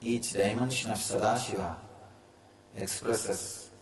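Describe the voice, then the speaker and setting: Indian guy teaching spirituality, real slow and emphatic, echoey room with faint hum behind. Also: fairly low pitch, fairly even intonation. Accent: Indian English. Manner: emphatic, declarative.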